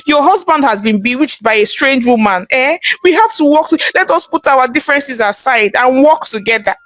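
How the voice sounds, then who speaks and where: A frantic, pleading Nigerian mother-in-law, as a woman storyteller puts her on, her voice pitched up high and rushing in anxious bursts. The sound is dry and close. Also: animated, dry recording. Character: distraught older mother-in-law, pleading and wailing.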